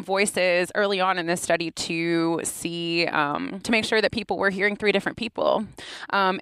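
A young adult woman, a researcher guest on a podcast, explaining her work in relaxed conversation and often laughing. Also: mid-range voice, clear, resonant tone, no echo. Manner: explains at length, laughs often, quotes voices. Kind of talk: casual interview talk.

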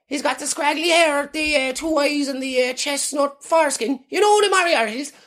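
An Irish man putting on a prying, gossiping small-town woman with a shrill voice. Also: moderate pace, fairly bright tone. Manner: shrill, gossiping, relentless questions.

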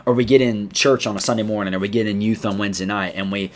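Laid-back youth pastor, low voice. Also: male voice, steady tone, quick pace. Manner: laid-back, chatty, says "man" a lot. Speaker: high school youth pastor. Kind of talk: casual devotional podcast teaching.

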